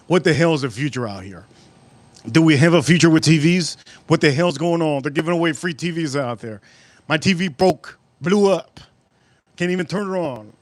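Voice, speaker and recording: A man hosting a casual livestream, rambling and excitable, repeating himself as he chats. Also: on the high side, no room sound. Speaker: livestream host.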